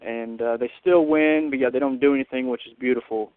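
A man's voice: mid-range voice, steady tone, a little fast, clean tone, no echo. A man from Texas calling in to a fan show, venting frustration with sighs and griping. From Texas, USA. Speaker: caller. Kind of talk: voicemail rant. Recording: tinny phone line.

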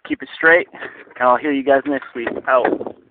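A man's voice: mid-range voice, a little slow, noisy background. A man from California's Central Valley calling a sports show with a frustrated, blunt fan rant. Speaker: caller. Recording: tinny phone line.

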